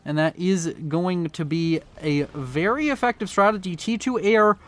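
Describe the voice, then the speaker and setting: A man casting a strategy game in casual live commentary, his throat sore from yelling, rambling excitably and stumbling over words. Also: high-pitched, normal speed. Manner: swears casually, drifts off topic. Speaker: game caster.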